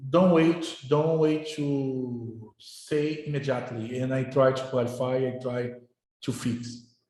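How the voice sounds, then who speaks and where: A middle-aged male professor, speaking informally to his class in halting English, often repeating words. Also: mid-range voice, mellow. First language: Portuguese. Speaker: university professor. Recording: very echoey room.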